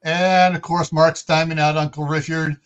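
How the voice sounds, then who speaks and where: High-voiced chatty male host. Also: little pitch movement, normal speed, fairly bright tone, clean tone. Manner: chatty, laughs often, reads out viewer comments. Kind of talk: casual livestream chat.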